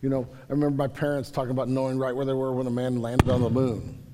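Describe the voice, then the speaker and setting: A man's voice: mid-range voice, flat delivery, fast talker, in a large hall, very noisy. A man preaching a sermon from a stage microphone in a church, earnest and emphatic, often repeating words as he builds. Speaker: pastor. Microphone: handheld or stage microphone.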